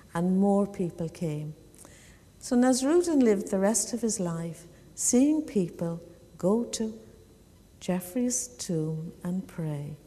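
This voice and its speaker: Husky-toned woman telling a children's story in church. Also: on the low side. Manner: gentle, chatty storytelling with small fillers. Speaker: leader of a children's talk in a church service. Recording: long church reverb.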